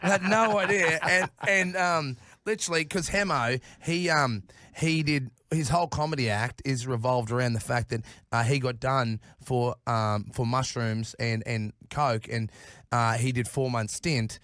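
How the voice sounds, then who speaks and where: A man's voice: medium pitch, steady tone, measured pace, fairly bright tone, dry recording, studio quality. A man, a podcast guest telling stories in casual chat, rambling, swearing constantly and laughing often. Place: podcast studio.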